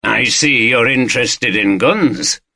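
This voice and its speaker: A man doing a calm, measured senior detective. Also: medium pitch, creaky, dry recording, studio quality, exaggerated voice. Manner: calm, courteous, slow.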